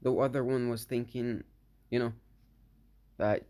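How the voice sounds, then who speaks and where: A man telling an improvised fan story in a halting way, full of filler words and restarts. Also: medium pitch, little pitch movement, darkish tone. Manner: slow, hesitant delivery.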